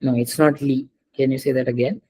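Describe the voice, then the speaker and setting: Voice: medium pitch, steady tone, fast, warm tone, a little hiss or hum, rough recording. A teacher giving an online French class over a video call, patiently repeating words and calling on students.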